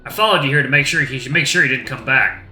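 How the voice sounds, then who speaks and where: A man voicing a big male wolf giant who speaks calmly and reassuringly. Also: medium pitch, fast, roomy sound, soft background music, low-quality recording. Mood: soothing. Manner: soothing and easygoing.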